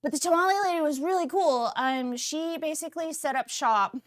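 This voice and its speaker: A woman hosting a casual cooking livestream from her kitchen, chatting in an animated, talkative way with sudden excited outbursts. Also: sits high, brisk. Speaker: cooking stream host.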